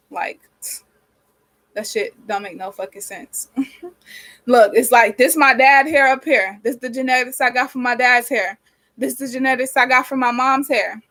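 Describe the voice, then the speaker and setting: A nineteen-year-old woman chats straight into the camera from a small cold bedroom, rambling and venting with heavy swearing. Her voice sits a little high, and her irritated nose keeps her sniffling as she talks. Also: normal speed, pushed and bright, low-quality recording. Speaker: vlogger. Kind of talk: casual chat while doing her hair. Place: small cold bedroom with a space heater running.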